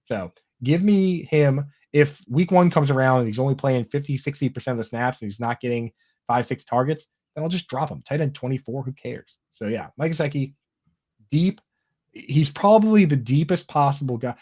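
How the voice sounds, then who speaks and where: Male panelist, average pitch, casual and blunt. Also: moderate pace, a little mellow. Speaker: fantasy football analyst.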